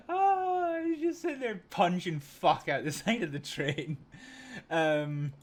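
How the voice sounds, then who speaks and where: A man's voice: a little high, lively intonation, slow pace, breathy edge. A young Scottish man hosting a train simulator livestream, rambling casually through anecdotes with lots of swearing, fillers and laughter. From Scotland. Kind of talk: casual gaming commentary with anecdotes.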